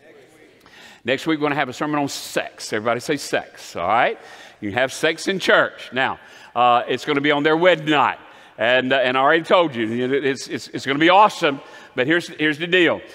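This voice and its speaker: A man preaching a rousing sermon as pastor in a church, calling the congregation to say amen and building to shouts. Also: medium pitch, fairly quick, big-room sound. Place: church sanctuary.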